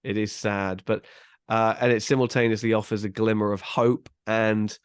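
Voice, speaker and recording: A man's voice: on the low side, little pitch movement, moderate pace, clear, resonant tone, dry recording, studio quality. A man co-hosting a movie review podcast, earnest and emphatic, stacking up praise. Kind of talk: casual movie review chat.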